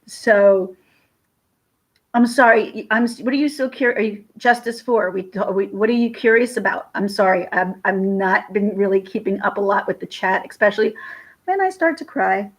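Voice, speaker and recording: A woman in her thirties with a mid-range voice hosts a live stream at a moderate pace, chatting casually with viewers. Teary from crying and emotional, she thanks people in chat by name.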